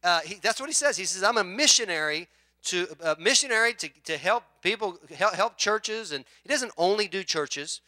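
A man preaching a sermon as pastor, telling a story with acted-out voices and swinging from quiet asides to loud shouts. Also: high-pitched, lively intonation, normal speed, no room sound.

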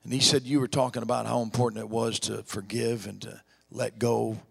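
A middle-aged man preaching a storytelling sermon in a folksy, emphatic way, dropping to a hush for heavy moments. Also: medium pitch, level tone, brisk, creaky, slightly rough, long reverb tail. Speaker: evangelist preacher.

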